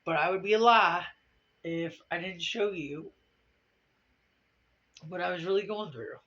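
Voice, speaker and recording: A woman's voice: measured pace, fairly bright tone. A tearful woman vlogging confessionally, blunt, profane and rambling. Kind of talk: confessional vlog. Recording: lo-fi low-quality video recording.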